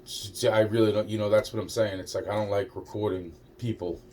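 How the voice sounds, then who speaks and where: A vlogger with a lowish, darkish voice talks briskly in a fairly even tone. His personal monologue rambles, agitated and repetitive, full of heavy swearing and restarted sentences. A distant mic picks him up with faint background noise.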